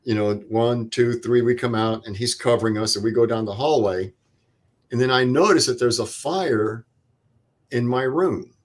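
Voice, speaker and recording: An older veteran speaks in an interview at an ordinary middle pitch. He tells his story in a plain, unhurried way, acting out what others said and stopping now and then to recall details. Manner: plain vivid retelling with quoted dialogue and pauses. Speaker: veteran guest.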